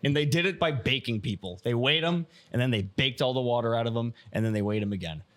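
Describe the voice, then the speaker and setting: A man in casual podcast chat who jokes and rambles through one tangent after another. His voice sits at an ordinary pitch. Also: fast talker, fairly bright tone. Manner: joking, rambling. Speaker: podcast co-host.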